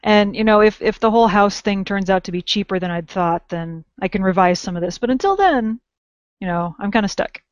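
A woman's voice: medium pitch, lively intonation, brisk, no echo. A woman co-hosting a podcast in casual chat, wry and self-mocking as she explains crafting tips. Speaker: podcast co-host. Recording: dull lo-fi dry podcast audio.

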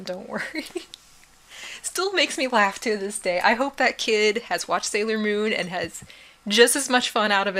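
A woman co-hosting a casual chat, bubbly and quick to laugh. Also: mid-range voice, fairly bright tone. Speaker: podcast co-host. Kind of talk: casual chat about cosplay.

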